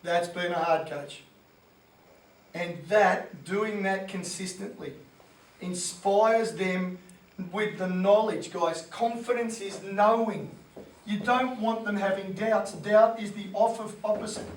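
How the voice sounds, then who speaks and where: A man, a sports coach giving an animated motivational talk to coaches and acting out voices. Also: high voice, slow pace, reverberant, far from the mic, slight background noise, low-quality recording.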